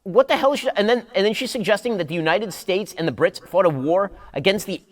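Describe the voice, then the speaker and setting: Fast-talking commentator guy, high voice bouncing all over, combative and insistent. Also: expressive. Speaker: political commentator. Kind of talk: rapid argumentative commentary.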